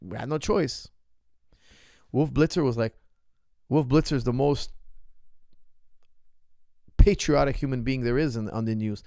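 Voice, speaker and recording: A man's voice: medium pitch, unhurried, gravelly, long pauses, no echo, clean studio sound. Emphatic man in an impassioned monologue. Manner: emphatic, repetitive, rising to forceful outbursts. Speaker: martial arts coach hosting a Q&A.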